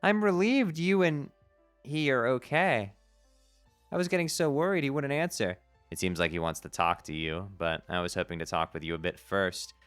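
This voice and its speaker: A man voicing a blind, brash teenage troll girl, talking loud and eager while reading a webcomic aloud on stream. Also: medium pitch, lively intonation, normal speed, clear, resonant tone, dry recording, faint music behind, pitched above the performer's own voice, lightly acted. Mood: concerned.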